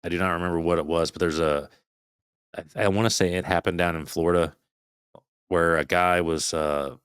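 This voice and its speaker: A man in his thirties, appearing as a podcast guest, speaks at normal speed with a low-pitched, steady, slightly bright voice and a clean tone. His casual story is peppered with swearing, reenacted thoughts from the past, and imitations of the noises he heard. The studio sound is clean, with no room sound.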